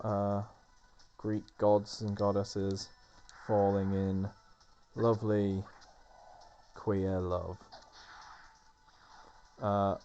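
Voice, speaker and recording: A man with a lowish, relaxed and mellow voice chats his way through a let's play at an unhurried pace, full of fillers and restarts. The audio is dull and lo-fi. Faint game music plays underneath. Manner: rambling, filler-heavy chatter. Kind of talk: casual gameplay commentary.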